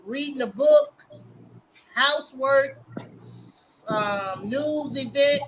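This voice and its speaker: A woman's voice: sits high, extremely slow, fairly bright tone, a little hiss or hum, low-quality recording. A woman hosting a live online game show chat, laughing through her stories. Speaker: host.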